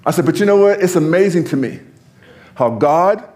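A pastor telling a story in conversation, animated, often laughing and repeating his words. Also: fairly high pitch, normal speed.

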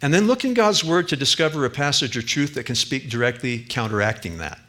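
A male pastor delivers a sermon in a bright, forceful voice. He talks earnestly, swelling to emphatic high points and then sinking low and soft. His pitch sits in an ordinary middle range for a man. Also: lively intonation, a little fast. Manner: earnest, rises to emphatic peaks then drops quiet.

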